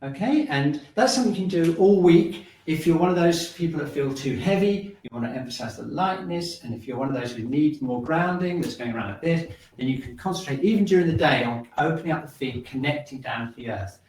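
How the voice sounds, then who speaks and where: A man teaching a shiatsu and qigong class, calmly cueing breathing and movement and checking in with "okay?" as he goes. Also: a little high, brisk, few pauses. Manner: calm, repetitive cueing with frequent "okay?" check-ins. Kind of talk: guided breathing exercise class. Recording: roomy sound, mic at a distance.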